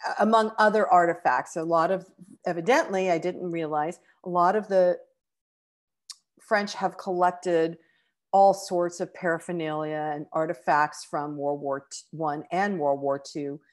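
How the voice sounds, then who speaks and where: Middle-aged American woman, lowish voice, heartfelt storyteller, halting and emotional. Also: fairly even intonation. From United States. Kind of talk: personal anecdote.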